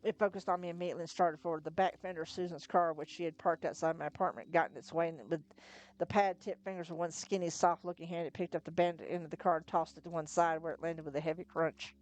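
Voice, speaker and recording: A woman reads a novel aloud on a live stream in a fairly low voice. She tells the story in the first person at a steady pace. Now and then she trips on a word and corrects herself. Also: fast. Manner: steady storytelling with occasional slips and self-corrections. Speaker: narrator, reader.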